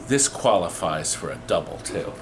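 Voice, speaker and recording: Man, shop host, playful teasing chat, lively swooping pitch, roomy echo, noisy background. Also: normal speed. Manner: playful, teasing, exaggerated outbursts. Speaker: host of a pinball shop channel. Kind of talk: casual joking chat on camera. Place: indoor arcade game shop.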